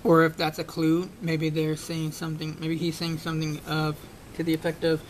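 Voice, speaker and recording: A puzzle-solving video creator speaks in a monotone at a moderate pace, thinking aloud with many fillers and restarts as he tackles a puzzle. It's casual on-screen analysis, recorded with poor audio and faint rumbling background noise.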